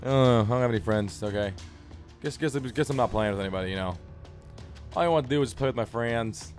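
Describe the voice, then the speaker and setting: A man's voice: mid-range voice, fast, faint music behind. A young man doing casual gameplay commentary, joking around and laughing. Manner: joking, laughing, trying silly accents. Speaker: gaming YouTuber.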